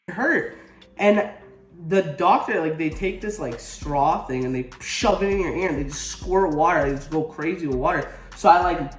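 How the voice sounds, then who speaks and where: A young man vlogging casually, telling a story with swearing and loud, animated exclamations. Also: high-pitched, reverberant. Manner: animated, swearing, rising to exclaims when retelling pain.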